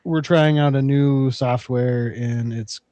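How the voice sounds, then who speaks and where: A man's voice: medium pitch, steady tone, slow pace, warm tone, no room sound. A man co-hosting a podcast, running through show plugs and reading trivia in an upbeat announcing way. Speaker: podcast co-host. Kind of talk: casual podcast chat and segment reading.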